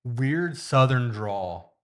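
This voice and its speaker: A man's voice: mid-range voice, animated, slow. A young man from Indiana with a Midwestern accent, co-hosting a casual podcast, blunt and swearing, with a slight stutter. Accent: Midwestern American. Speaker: podcast co-host.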